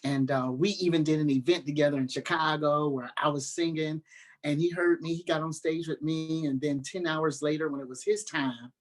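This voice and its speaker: Man, gospel singer, radio interview guest; animated storyteller. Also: moderate pace. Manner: animated storyteller, acts out quotes in a high voice. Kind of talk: casual interview talk.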